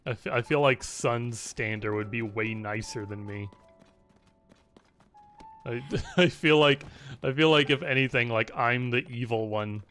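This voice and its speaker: With faint music in the background, a young man of medium pitch talks a little slowly in a fairly bright tone. He's casually narrating a game he's playing, his story meandering with restarts and filler words, broken by occasional swearing and frequent laughs at his own account.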